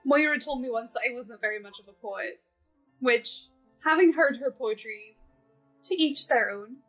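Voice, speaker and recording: A woman's voice: on the high side, normal speed, a bit bright, soft background music, low-quality recording. A woman playing a tabletop game, talking casually and laughing often. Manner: laughing, playful. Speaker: player. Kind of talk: tabletop role-play, casual.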